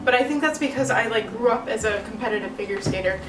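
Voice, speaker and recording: An excitable young woman chatting in her bedroom, gushing and giddy with a fairly high voice. She talks casually to a camera mic, and music plays clearly beneath her. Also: quick pace, poor audio. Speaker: vlogger. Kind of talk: casual unboxing vlog.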